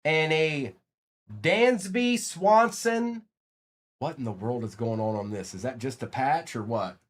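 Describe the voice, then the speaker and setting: A man's voice: medium pitch, normal speed. A man hosting a live trading card break stream, calling out each card and chatting casually with viewers. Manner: animated, calls out cards while chatting with viewers.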